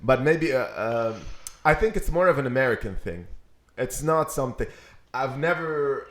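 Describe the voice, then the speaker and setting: A man's voice: mid-range voice, expressive, normal speed, a bit bright. A man from Lebanon co-hosting a podcast in casual chat, hesitant and restarting often, with playful swearing. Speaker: podcast co-host. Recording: roomy echo.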